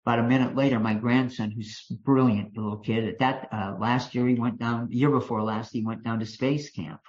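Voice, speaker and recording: A man's voice: medium pitch, fairly even intonation, moderate pace, a little mellow. Older Kentucky man telling a folksy story. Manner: folksy storytelling with frequent restarts and fillers. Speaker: recovery meeting speaker. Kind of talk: personal recovery talk to a meeting. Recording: dull lo-fi meeting recording.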